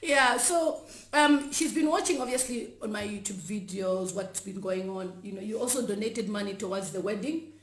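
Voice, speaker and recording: A woman's voice: mid-range voice, moderate pace. A woman from Zambia hosting her own video channel, upbeat and giggly. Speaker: YouTuber host. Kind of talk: casual vlog chat. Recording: echoey room, faint noise.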